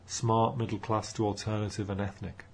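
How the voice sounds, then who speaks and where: A man narrating an audiobook in a measured storytelling manner. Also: on the low side, flat delivery, gravelly, a little hiss or hum.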